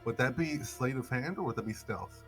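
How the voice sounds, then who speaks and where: A man's voice: medium pitch, lively intonation, moderate pace, faint music behind. A man playing a tabletop game, easygoing and playful as he talks. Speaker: player. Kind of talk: casual tabletop play.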